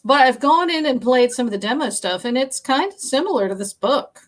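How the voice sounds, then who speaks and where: A woman's voice: high voice, animated, fairly quick. A woman co-hosting a casual book podcast, telling a story in a chatty, enthusiastic way. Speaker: podcast co-host. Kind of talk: casual chat.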